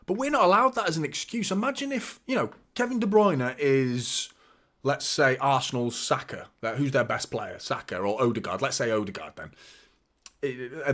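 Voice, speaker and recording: A man hosting a live football watchalong, giving fan commentary and chatting to viewers, excitable and prone to swearing. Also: medium pitch, fairly quick. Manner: chatty, addresses viewers as mate. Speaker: watchalong host. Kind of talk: live match commentary and chat.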